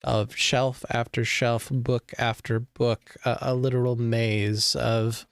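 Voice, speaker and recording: Dude running a d&d game, slow descriptive narration, kinda gravelly, dry close sound. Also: male voice, medium pitch, flat delivery, no room sound. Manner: descriptive, unhurried, filler-heavy. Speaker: game master.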